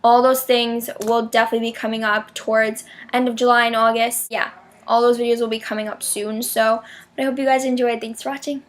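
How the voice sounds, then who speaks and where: A young woman vloggs to camera about a concert with breathless fan excitement. Her voice sits a bit high, and she keeps filling her sentences with "like". Now and then she jumps into loud squealing bursts. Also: brisk, slight background noise. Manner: gushing fan, shrieks names in high bursts; heavy "like" filler, chatty and dramatic. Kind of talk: excited casual vlog storytelling.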